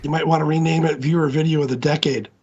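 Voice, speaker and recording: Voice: mid-range voice, steady tone, quick pace, a little mellow, husky, highs cut off. A livestream co-host dropping brief quips and interjections into casual banter.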